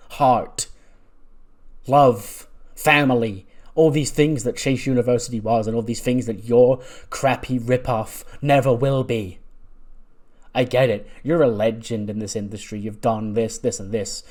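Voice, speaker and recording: A man's voice: medium pitch, fairly even intonation, a little slow, a little mellow, close to an everyday voice. Man voicing a defiant young woman wrestler. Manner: defiant, heated.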